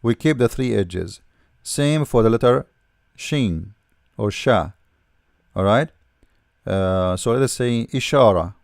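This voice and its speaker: A man teaches letter by letter in a low, gravelly voice, recorded close in a dry room. He talks patiently and repeats each sound, often checking in with "all right?". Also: expressive, slow pace, long pauses, darkish tone, no echo. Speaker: language teacher. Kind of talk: explaining letters while writing.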